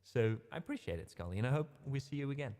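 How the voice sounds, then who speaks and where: A man's voice: medium pitch, animated, fast talker, a little mellow, long reverb tail. A man hosting a casual music livestream, rambling a little, correcting himself and talking to his chat in a friendly way. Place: home streaming room.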